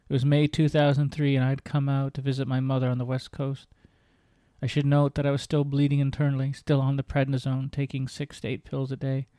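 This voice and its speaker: Earnest male host reading his memoir, even delivery, dry close sound. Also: mid-range voice, no room sound. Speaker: podcast host.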